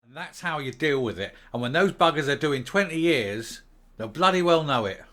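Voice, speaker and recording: A man's voice: fairly high pitch, lively intonation, moderate pace, loud music behind the voice. An older man, the host of his own channel, ranting angrily to camera with swearing and emphatic outbursts. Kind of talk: opinion rant to camera.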